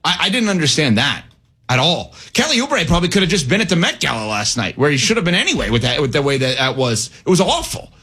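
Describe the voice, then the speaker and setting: A man's voice: fairly high pitch, very animated, pushed and bright, slightly rough. A man hosting a sports talk show, arguing his points emphatically and challenging his co-hosts. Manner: emphatic, argumentative, quick to challenge others. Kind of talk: casual sports debate.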